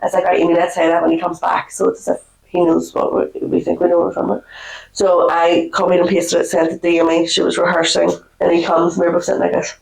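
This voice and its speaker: A woman co-hosting a podcast, telling stories in a chatty, animated way, a little under the weather from a cold. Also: on the low side, fast, creaky. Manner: chatty storyteller, animated quoting. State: recovering from a cold. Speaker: podcast co-host. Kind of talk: casual chat. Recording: echoey room.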